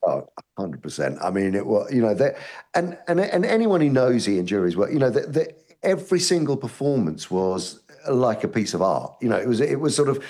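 A man's voice: mid-range voice, brisk. A man guesting on a radio interview, telling stories animatedly with many restarts. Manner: animated storytelling with frequent restarts.

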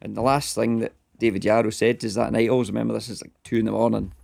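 A man, a guest, telling lively anecdotes in a casual chat. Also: lowish voice, fast talker, gravelly. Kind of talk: casual storytelling.

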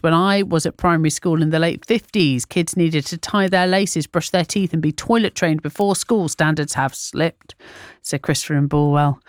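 A woman's voice: fairly low pitch, dry recording. A woman presenting breakfast radio in a studio, chatty and rambling, laughing through her own stories. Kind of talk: casual live radio chat. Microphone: studio microphone.

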